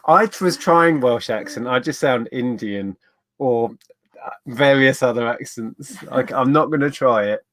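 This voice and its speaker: A man's voice: medium pitch, a little slow, fairly bright tone. A man co-hosting a casual live stream, rambling and reading viewer comments aloud. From southern England. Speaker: co-host of a reseller live stream.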